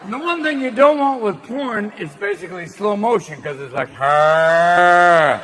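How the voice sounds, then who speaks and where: A man performing manic, rapid-fire stand-up comedy. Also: high voice. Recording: noisy live stand-up venue.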